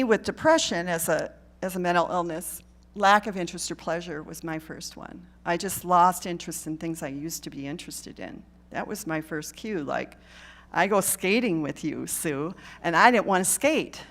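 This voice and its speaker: A woman's voice: lowish voice, fairly bright tone. A woman giving a live talk to a church congregation, earnest and direct, often checking in with the listeners. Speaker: guest speaker at a church.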